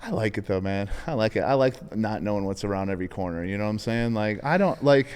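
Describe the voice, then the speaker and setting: A man's voice: fairly low pitch, quick pace, darkish tone, clean tone, big-room sound. A man hosting a podcast, talking in a laid-back, chatty way and swearing casually. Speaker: podcast host.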